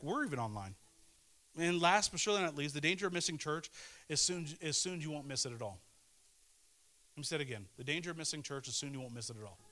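A man's voice: fairly high pitch, sharp tone. A middle-aged male pastor preaching a sermon in a conversational way, repeating phrases and asking the congregation questions. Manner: conversational, repeats himself and restarts, asks the audience questions.

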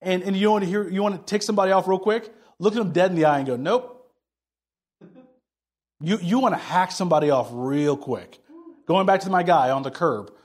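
A man's voice: sits high, fast. A man preaching a sermon, talking in a conversational way, telling stories and acting out both sides of a conversation. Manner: conversational preaching, tells stories and acts out dialogue. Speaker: pastor.

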